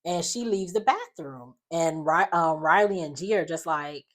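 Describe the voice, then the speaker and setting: A woman casually recapping a reality show, telling it in an animated, sassy way with slangy asides. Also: low voice, normal speed.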